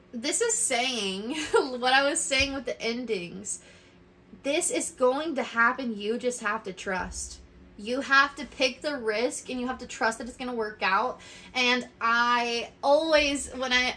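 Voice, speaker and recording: A woman's voice: on the high side, a bit bright. A young woman giving a casual pick-a-card reading, chatty and rambling, laughing often. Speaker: tarot card reader.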